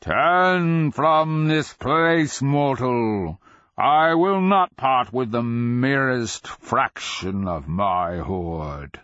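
A man voicing an ancient undead dragon with a booming, croaking voice, drawing each word out slowly and menacingly. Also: lively intonation, a bit bright, no echo. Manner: slow, drawn-out, menacing. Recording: dull lo-fi dry recording.

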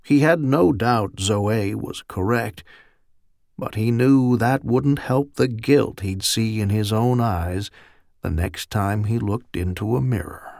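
A man narrating a military novel as an audiobook in a measured, steady way. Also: fairly low pitch, vocal fry, no echo, clean studio sound. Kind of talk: scripted narration.

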